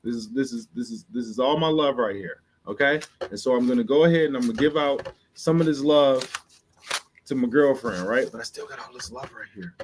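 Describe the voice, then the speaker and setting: A man's voice: mid-range voice, a little fast, slight background noise. A man from the Midwest talking as a love coach on a podcast, emphatic, often restarting phrases and coaxing the listener to see his view. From Chicago, US Midwest. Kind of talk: podcast interview talk.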